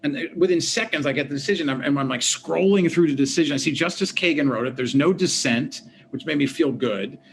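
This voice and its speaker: A man, a former politician and law professor, recounting events as an interview guest in a lively storytelling manner, acting out the dialogue he quotes. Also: fairly high pitch, a little fast, creaky, hardly any pauses, slight background noise. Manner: animated, acts out quoted dialogue. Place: home office at a desk.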